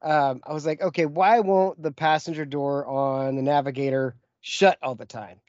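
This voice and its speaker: A man's voice: on the high side, steady tone, normal speed, a little mellow, dry recording, lo-fi sound. A man co-hosting a podcast, telling stories in casual chat and laughing often. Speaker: podcast co-host.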